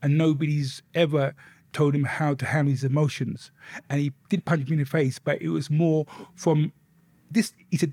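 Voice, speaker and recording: A middle-aged man, a softly spoken interview guest telling his life story and swearing freely. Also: a little high, steady tone, moderate pace, no echo, studio quality.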